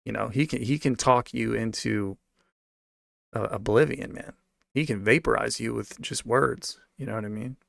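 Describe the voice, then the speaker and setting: Gravelly young man ranting casually. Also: mid-range voice, moderate pace, a bit bright, dry recording, clean studio sound. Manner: rambling, profane, slangy venting. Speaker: streamer reading donations. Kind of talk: casual rant.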